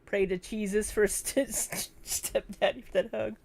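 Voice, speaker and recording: A woman's voice: mid-range voice, fairly even intonation, a little slow, gravelly, a little mellow. A woman vlogger chatting casually as she reacts to clips, laughing often.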